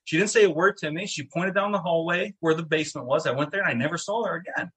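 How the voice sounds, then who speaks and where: A middle-aged man telling a story in casual chat, animated and swearing, acting out what people said. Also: fairly high pitch, quick pace, husky. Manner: animated, swearing, acts out quotes. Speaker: guest, town mayor.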